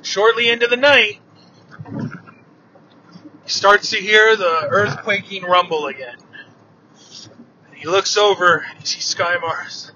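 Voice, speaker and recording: A man retelling an old myth aloud in a relaxed, vivid storytelling manner. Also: high voice, takes it slowly. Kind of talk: oral storytelling of myths. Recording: dull lo-fi with faint noise.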